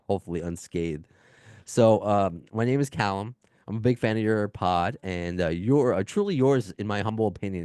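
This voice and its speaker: A man's voice: fairly low pitch, darkish tone, no echo, studio quality. A man with a New York accent hosting a podcast from home, reading listener emails in a casual, rambling, self-deprecating way with many fillers and restarts. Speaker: podcast host. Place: home, baby heard in background.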